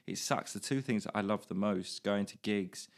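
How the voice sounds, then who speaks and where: A very deep-voiced man chats casually. He rambles and restarts his sentences, with a self-deprecating tone. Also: normal speed. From England. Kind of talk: casual chat.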